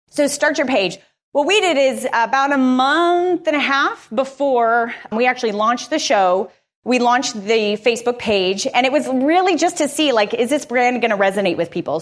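A woman podcaster giving a live conference talk, energetic, candid and conversational. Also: on the high side.

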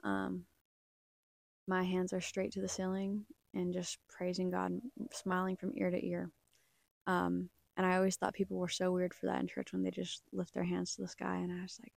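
Gravelly young woman, earnest testimony. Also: fairly low pitch, monotone, normal speed, a little mellow, no echo. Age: young adult. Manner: earnest, storytelling with many ums and uhs. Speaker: podcast host. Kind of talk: personal faith testimony.

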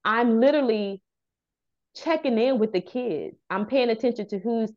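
Speaking at a moderate pace in a slightly high voice, a thirty-something therapist who founded a youth center relates a heartfelt personal experience in an interview. She is earnest and animated, acting out quoted exchanges, and the audio is dull.

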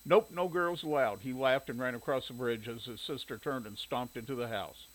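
A man reading a story aloud in steady audiobook narration. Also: medium pitch, fairly quick, rough recording.

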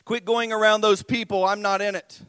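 A middle-aged male pastor delivering a fervent sermon, pitched a little high and sounding close and dry. He builds to loud cries and then drops to soft, almost whispered lines. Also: flat delivery, moderate pace, clear, resonant tone, dry recording. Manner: impassioned, swinging between loud cries and hushed near-whispers.

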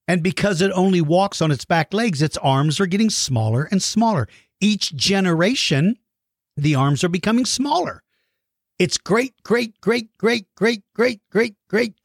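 A man's voice: on the high side, no room sound, studio quality. A man hosting a question show, explaining in a playful, teacherly way for young viewers on his own microphone. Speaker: host answering viewer questions about dinosaurs. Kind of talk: lively kid-friendly explaining.

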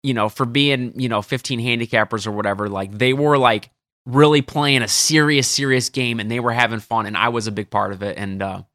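Bright, rambling caddie storyteller, man. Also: mid-range voice, fairly even intonation, brisk, no echo, clean studio sound. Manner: rambling, many fillers and laughs. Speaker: caddie and podcast regular. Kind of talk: casual storytelling chat.

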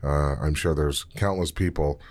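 Very deep-voiced chatty male host. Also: fairly even intonation, normal speed, darkish tone. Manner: chatty, enthusiastic storyteller. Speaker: interview host from a stock exchange. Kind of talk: studio interview. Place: studio.

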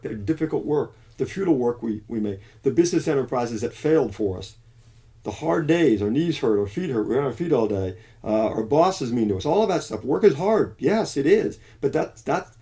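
A man's voice: mid-range voice, animated, moderate pace, dark tone. A man delivering an emphatic preaching monologue on faith and economics, with frequent restarts and self-corrections. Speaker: Christian commentator.

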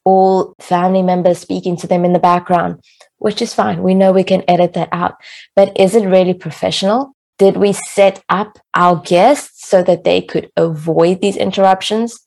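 Young adult woman coach, lowish voice with vocal fry, encouraging how-to delivery. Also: darkish tone. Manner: encouraging, practical tips with small slips. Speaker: podcast coach. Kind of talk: instructional talk to camera.

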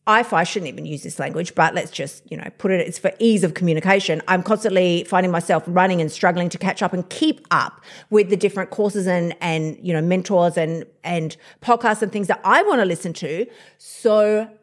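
A woman's voice: fairly low pitch, brisk. A woman hosting a motivational podcast, blunt and fired up, swearing freely as she talks about her routine. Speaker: podcast host.

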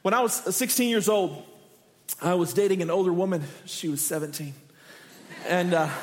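A man in his thirties from Texas, a pastor preaching with animated, self-deprecating stories. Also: high-pitched. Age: 30s. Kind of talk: sermon with humorous personal story. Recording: echoey church hall.

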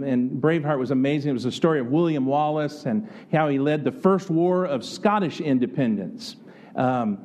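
Male preacher from the United States; earnest, conversational sermon, warm low-edged tone, slightly high pitch. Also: lo-fi sound. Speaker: pastor.

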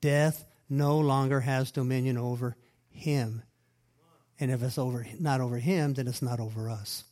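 A man preaching a sermon, reading scripture aloud and explaining it with emphatic repeated phrases, loud stresses and quiet asides. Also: medium pitch, steady tone, moderate pace. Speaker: pastor.

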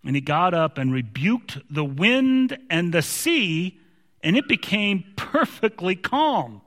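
A man with a high-pitched voice delivers an emphatic sermon, often doubling back on his words. His voice rings out with the long reverb of a large hall. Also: very animated, takes it slowly, a bit bright. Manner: emphatic, repeats words when restarting. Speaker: preacher.

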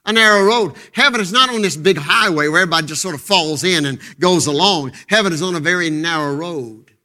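A fervent male pastor delivers a sermon from a church pulpit, his voice pitched high and ringing bright. He shifts between loud, emphatic proclamations and hushed, intense passages, and he drives his points home through repetition. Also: a little fast.

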